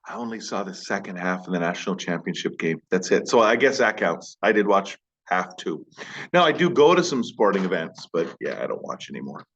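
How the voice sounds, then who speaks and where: Male teacher, casual vlog talk, lowish voice, dull lo-fi sound, rambling asides. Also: animated, brisk, fairly bright tone. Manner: rambling, self-deprecating asides. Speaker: high school teacher.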